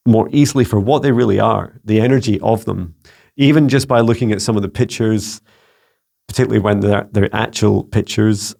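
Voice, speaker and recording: A man's voice: fairly low pitch, gravelly, darkish tone. A Scottish man hosting a spiritual guidance channel, talking casually in a musing, searching way with frequent fillers. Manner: musing, searching, full of "you know" and "um". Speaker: psychic mentor, channel host.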